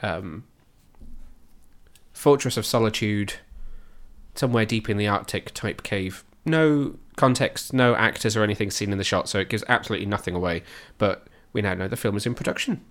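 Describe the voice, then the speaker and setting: A man's voice: lowish voice, normal speed, fairly bright tone. A man hosting a podcast, chatting casually and jokily about film news and trailers. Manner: chatty, joking, rattles off news. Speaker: podcast host.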